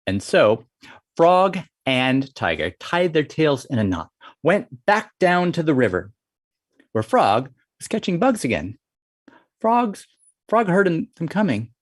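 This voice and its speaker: Man, storyteller, animated, lively pitch, dry recording. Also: unhurried, dry recording. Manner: animated, varied delivery. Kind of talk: oral storytelling of a folktale.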